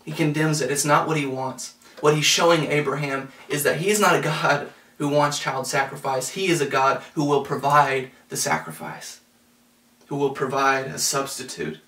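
A pastor preaching a sermon, earnest, slowing down to stress scripture quotes. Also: male voice, on the high side, steady tone, bright, forceful tone. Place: church sanctuary. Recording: roomy sound from a distance.

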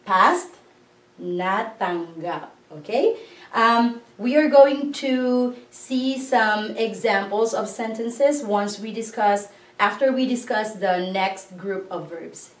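A woman's voice: fairly high pitch, slow pace. A woman teaching a language lesson, patiently breaking words into syllables and repeating them. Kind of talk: slow classroom-style grammar lesson. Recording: echoey room, voice a bit far from the mic.

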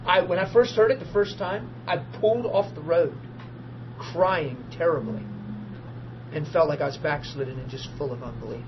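A man preaching to a small group, telling testimony stories in a lively, informal way and acting out the people in them. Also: a little high, moderate pace. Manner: animated, acts out quoted voices, laughs often. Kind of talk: informal sermon storytelling. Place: small group meeting room. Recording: dull lo-fi archive recording with faint hiss.

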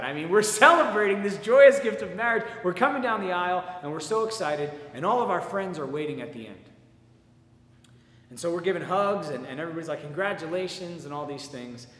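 A man's voice: fairly high pitch, fairly bright tone. A man preaching a sermon as pastor, telling a personal story in an earnest way and repeating his words as he goes. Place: church sanctuary. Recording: echoey church with long reverb.

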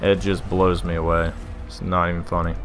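A man's voice: sits low, level tone, fairly quick. A young adult man venting as a gaming streamer, giving exasperated live gameplay commentary full of mild oaths in place of swears.

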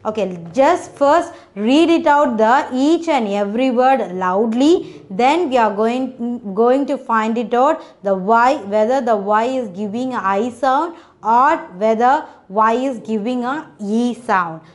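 A woman's voice: a little high, takes it slowly, hardly any pauses. A woman teaching a children's phonics lesson, spelling out letters one by one, repeating each word and checking in with "okay".

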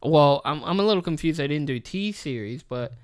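A man's voice: a little high, expressive, normal speed, clear, resonant tone, dry recording, studio quality. A man hosting a gaming channel, rambling through a profane casual rant to the camera with many restarts. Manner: mocks others with put-on quoted voices.

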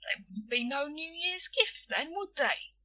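A woman's voice: high-pitched, very animated, unhurried, bright, forceful tone, no echo, recorded from a distance, voice pushed up, exaggerated voice. A woman voicing a gloomy, firm old sweet-shop keeper in a storybook reading, heavy and lugubrious.

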